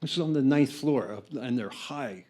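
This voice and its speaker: An older American record producer telling anecdotes in an interview, acting out the people in his story with lively changes of voice. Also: medium pitch, moderate pace. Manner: animated storyteller, acts out other people's lines.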